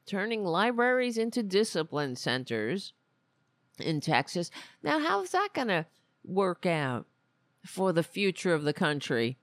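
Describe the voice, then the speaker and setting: Podcast host, casual political commentary, lively swooping pitch, slow delivery, blunt rambling talk. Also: no echo. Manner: blunt, rambling, with many restarts. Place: lives in Queens, New York.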